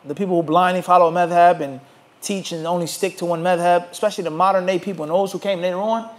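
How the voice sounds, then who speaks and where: High-voiced man teaching a religious class. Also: fast talker. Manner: rhetorical questions asked to the audience; animated, emphatic. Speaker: Islamic teacher.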